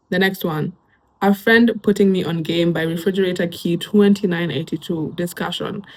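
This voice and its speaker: A woman's voice: on the low side, steady tone, normal speed, a little mellow. A young woman from Kenya with a Kenyan accent, a YouTuber reading online posts aloud and chatting about them casually. She laughs often and drops Swahili slang into her talk.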